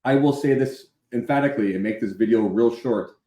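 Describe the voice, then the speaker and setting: A man's voice: medium pitch, a little fast, warm tone, roomy sound. A man from Canada, an insurance expert, explaining bluntly and emphatically in a candid conversation. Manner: emphatic, blunt, builds intensity.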